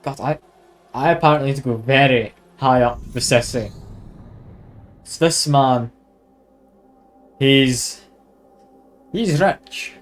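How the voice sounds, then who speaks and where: A man's voice: medium pitch, takes it slowly, long pauses, faint music behind. A man streaming a detective game, chatting wryly and reading game text aloud. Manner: chatty, wry, reads aloud with asides.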